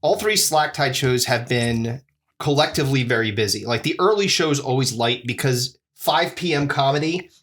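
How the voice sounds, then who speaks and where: Animated swearing male podcast host. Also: medium pitch, moderate pace. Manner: animated, swearing, acting out voices in stories. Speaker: podcast co-host and comedy show host. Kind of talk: casual podcast chat.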